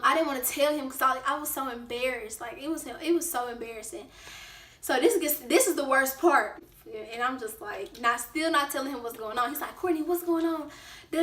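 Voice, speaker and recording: A woman vlogger telling a casual storytime, lively and acting out what people said. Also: a little high, recorded from a distance. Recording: roomy echo, away from the mic.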